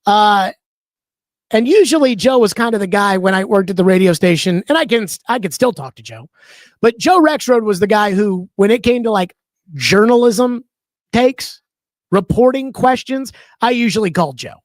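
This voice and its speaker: Guy hosting a sports show, kinda high voice, talks it up big, no room echo at all. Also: lively intonation, normal speed. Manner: emphatic, conversational, stretches key words. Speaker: sports talk show host. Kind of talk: opinionated sports commentary.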